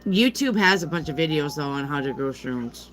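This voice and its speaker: A woman's voice: low voice, lively intonation, moderate pace, fairly bright tone. An older woman hosting a tarot livestream, chatting casually and affectionately, greeting viewers by name.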